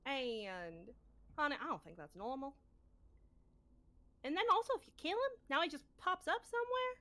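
A woman's voice: high-pitched, animated, normal speed, sharp tone. A woman playing a scatterbrained, stubborn adventurer, recapping a tabletop game session in character with a rambling, forgetful, blunt manner and casual swearing.

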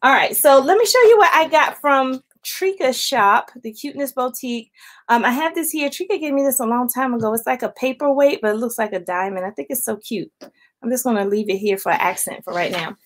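A woman with a voice a little higher than most talks casually through a haul on a late-night stream at home. She chats easily and keeps calling her viewers y'all. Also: brisk. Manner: chatty, addresses viewers as y'all, greets chat commenters. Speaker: planner vlogger hosting a late-night live stream. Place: at home, indoors.

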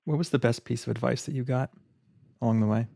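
A man asking an interview guest brief, gentle questions. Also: mid-range voice, steady tone, fast talker, gravelly.

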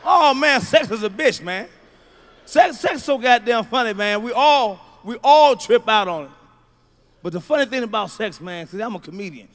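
A middle-aged male stand-up comedian doing a profane routine, swinging from low mutters to loud shouts. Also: lively intonation, moderate pace.

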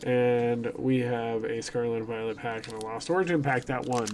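A man's voice: medium pitch, fairly even intonation, moderate pace, a little mellow. A man hosting his livestream while sick with a cough, chatting upbeat about giveaways. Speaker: streamer host. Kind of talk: casual livestream chat.

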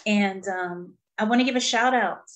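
A woman's voice: medium pitch, moderate pace, fairly bright tone. A woman hosting a casual spiritual group chat, exclamatory and preachy, repeating key phrases. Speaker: host of a spiritual talk.

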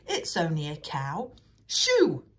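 A woman's voice: medium pitch, big pitch swings, normal speed, husky, pitched above the performer's own voice. Gordon, a woman voicing a boastful big engine. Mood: scoffing. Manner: boastful, scoffing.

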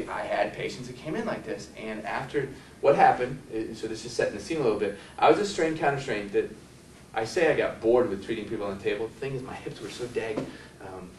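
A male physical therapist tells meandering stories to a workshop audience and keeps asking them questions. The mic sits well away from him, so his voice carries the echo of the room. A faint hiss runs under it. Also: mid-range voice. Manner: rambling storyteller, asks the audience questions. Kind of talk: anecdotal lecture to a live audience. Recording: echoey room from a distant mic.

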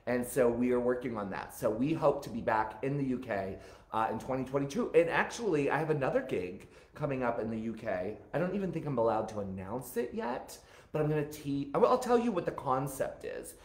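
Campy, animated male live-stream host. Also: mid-range voice, fairly quick, reverberant. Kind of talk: live-stream chat answering viewer questions.

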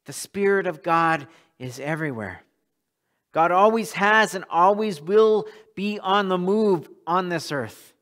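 A man's voice: high-pitched, animated, unhurried, a bit bright. A male pastor preaching a sermon in a church, earnest and often repeating words as he restarts a thought.

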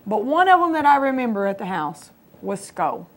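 A woman's voice: a little high, sing-song, normal speed. A woman co-hosting a Christian TV program, encouraging her husband to tell his testimony. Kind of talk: faith testimony chat. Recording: local cable TV studio.

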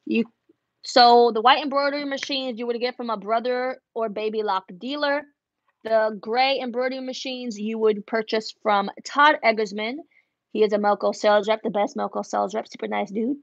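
A woman with a somewhat high voice chats casually from her home embroidery studio, answering viewers' questions as they come in. She laughs at herself and moves easily between two languages. The sound is dry and slightly muffled. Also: steady tone, moderate pace, no room sound. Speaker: embroidery business owner answering live chat. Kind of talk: casual chat switching between English and Spanish.

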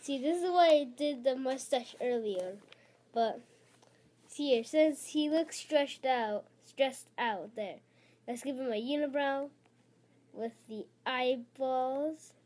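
Woman, high voice, slow halting reaction commentary, giggly fillers. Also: a little mellow. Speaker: reaction video maker. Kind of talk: casual rambling commentary.

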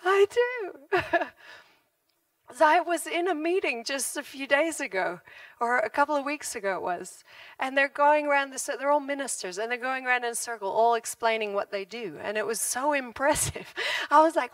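A woman's voice: sits high, moderate pace, dry recording, distant mic. A middle-aged woman pastor preaching a sermon, telling stories with frequent laughter. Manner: laughs often, animated storytelling. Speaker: guest pastor. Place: church hall.

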